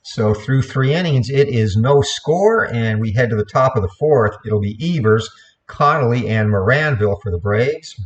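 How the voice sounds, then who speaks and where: A man calling play-by-play for a replayed computer baseball game, in a steady voice, correcting himself now and then. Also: medium pitch, moderate pace, lo-fi sound. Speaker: play-by-play commentator.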